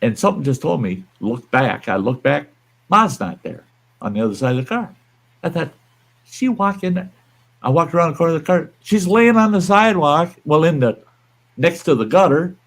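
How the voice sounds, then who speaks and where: A man's voice: a little high, big pitch swings, normal speed, vocal fry. An older man hosting a livestream, telling a story in a blunt, folksy, profane way. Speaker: livestream host. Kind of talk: casual storytelling.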